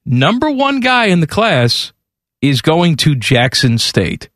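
A man's voice: a little high, slow, no room sound, studio quality. A man with a Chicago accent co-hosting a podcast, joking in casual sports banter. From Chicago area. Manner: joking, lively, playful voices. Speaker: podcast co-host.

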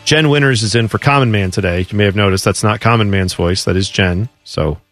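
A man hosting a casual sports talk radio show, chatty and bantering quickly with his co-host. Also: fairly low pitch, fairly bright tone, faint music behind. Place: radio studio. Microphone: studio microphone.

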